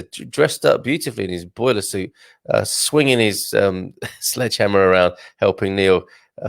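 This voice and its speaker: A man's voice: on the low side, vocal fry, dry recording, clean studio sound. A man hosting a casual live stream, chatting in a rambling way, laughing often and restarting his sentences. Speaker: host reading viewer comments.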